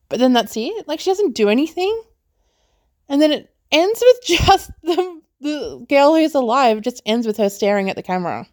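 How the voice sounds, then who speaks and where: A woman with a fairly high voice talks through a film review in an easy, chatty podcast manner. She keeps dropping "like" fillers and laughing between thoughts. Her voice is recorded close up and dry, with almost no room sound. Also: a little mellow, no echo. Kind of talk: casual movie review chat.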